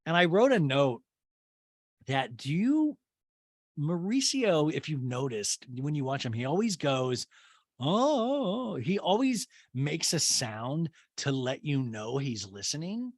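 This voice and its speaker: A man hosting a comedy podcast, recapping a TV show in a gossipy, animated way. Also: mid-range voice, unhurried, dry recording, clean studio sound. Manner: gossipy, animated, full of "like" asides. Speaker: podcast host.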